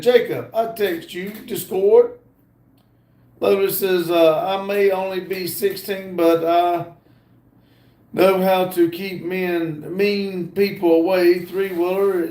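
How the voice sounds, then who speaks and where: Slow, high-voiced Southern man reading chat. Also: warm tone, reverberant. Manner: slow and easygoing, reads names and comments with many "uh" fillers. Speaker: livestream host. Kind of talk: casual live stream, reading chat aloud. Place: outdoors. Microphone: phone.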